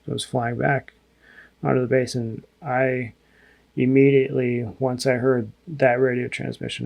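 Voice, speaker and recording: A gravelly American man speaks in a flat, low-key voice. He talks haltingly, restarting his sentences as he recalls hard events soberly in a podcast interview. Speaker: podcast guest, former army intelligence analyst. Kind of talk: reflective interview recollection.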